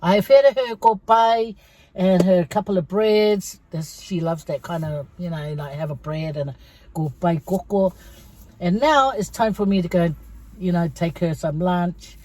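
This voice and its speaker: A woman's voice: on the low side, dark tone. Middle-aged lady vlogging, chatty storyteller, calls everyone guys. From Samoa. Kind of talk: casual mukbang chat to viewers.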